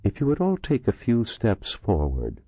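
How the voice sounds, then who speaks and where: A man voicing a soft-spoken, impassive male medical examiner in his sixties with a Dublin accent, in an audiobook reading. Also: lowish voice, huge pitch swings, moderate pace, husky, no room sound, voice pushed up, exaggerated voice. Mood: clinical. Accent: Dublin Irish. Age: 60s. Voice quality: soft, precise. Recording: dull lo-fi dry recording.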